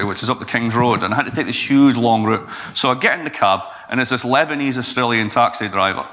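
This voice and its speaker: A Scottish man in his forties, a guest speaker answering questions in a blunt, profane, lively way. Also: mid-range voice. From Scotland. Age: 40s. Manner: blunt, profane, animated storytelling. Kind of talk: Q&A talk at an event.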